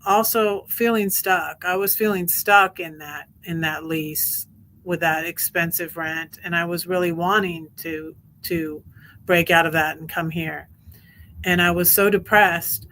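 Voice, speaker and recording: A woman's voice: lowish voice, fairly bright tone. A middle-aged woman hosting her own live stream, talking in a rambling, candid and emphatic way. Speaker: livestream host. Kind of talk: casual live-stream monologue.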